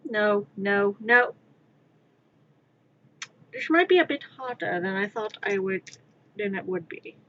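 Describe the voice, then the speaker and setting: Slow, muttering woman streaming her crafting. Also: mid-range voice, animated, muffled recording. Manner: mutters and half-whispers pleas to her work. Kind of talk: live-stream self-talk while crafting. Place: her room at home.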